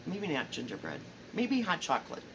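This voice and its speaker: Southern lady rambling about her cross-stitch at home, trails off quiet a lot, faint noise behind. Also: fairly low pitch, big pitch swings, normal speed. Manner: chatty, rambling, self-correcting, often trailing off softly. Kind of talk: casual show-and-tell chat. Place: home, indoors.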